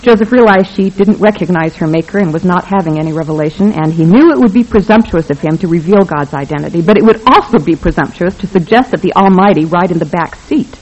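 A narrator reading a novel aloud in a wry, even manner. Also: medium pitch, fast, few pauses, dull audio. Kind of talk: scripted audiobook narration.

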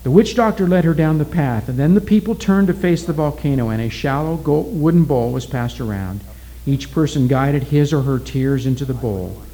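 A man narrating a story aloud in a steady, deliberate reading style. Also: on the high side, low-quality recording.

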